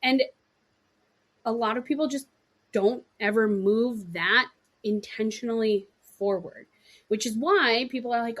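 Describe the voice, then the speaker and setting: Female podcast host, 30s, fairly high voice, lively solo coaching talk with acted-out quotes and "right?" asides. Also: moderate pace. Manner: animated, acts out little quoted dialogues; frequent throat clearing, "right?" and "okay" asides.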